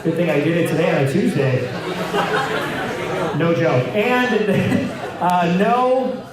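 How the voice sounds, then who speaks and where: A man with a high, bright-sounding voice hosts a live trivia night, reading answers and tossing in wry jokes. He is picked up from a distance in a very echoey room. A crowd is clearly audible behind him. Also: slow. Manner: joking, wry asides. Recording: very echoey room, mic far off, loud crowd.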